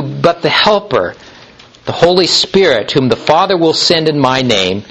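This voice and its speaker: A man preaching a sermon, reading scripture with slow, deliberate emphasis and frequent pauses. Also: mid-range voice, a bit bright, poor audio. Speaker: pastor.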